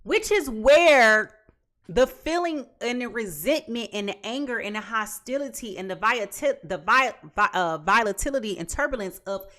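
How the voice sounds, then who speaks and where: A woman's voice: fairly high pitch, lively intonation, normal speed, a bit bright. A woman giving a casual tarot reading to viewers, emphatic and chatty, stacking repeated phrases and restarting often. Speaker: tarot reader.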